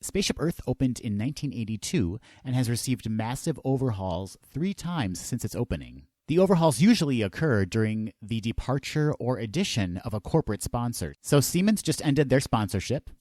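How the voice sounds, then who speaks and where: A man's voice: mid-range voice, sing-song, brisk, few pauses, dark tone, no room sound. A man co-hosting a podcast, chatting in a playful, jokey way. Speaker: podcast co-host. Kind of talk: casual chat.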